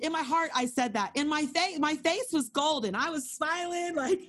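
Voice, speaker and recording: This is a woman in her thirties speaking over a video call, her voice sitting a little on the high side. She tells a personal faith story in a relaxed, chatty way. Now and then she acts out her own inner thoughts in quotes. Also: fairly quick, few pauses. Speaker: Bible study co-leader. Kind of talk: casual testimony storytelling.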